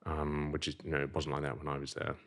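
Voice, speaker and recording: A middle-aged man with a posh English accent, originally from Zimbabwe, telling rambling, animated stories as a podcast guest. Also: rumbling low, fast, gravelly. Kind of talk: casual interview chat.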